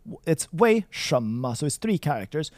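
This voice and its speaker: A man's voice: fairly high pitch, sing-song, normal speed, a little mellow, no echo, clean studio sound. A man from Sweden tutoring Chinese in a casual lesson, encouraging and playful, praising his student often. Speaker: language tutor.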